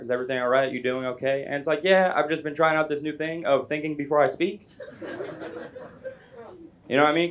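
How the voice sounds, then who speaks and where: A young man doing a stand-up comedy set on a club stage, chatty and self-deprecating, with quick asides to the crowd. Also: medium pitch, fairly bright tone.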